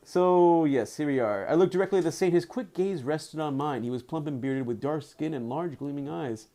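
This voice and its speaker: This is a live broadcast from a man's home, his pet dogs close by, where he reads from a book and chats casually in between. His pitch runs a bit high; he's animated, laughs readily, and keeps fixing his own sentences partway through.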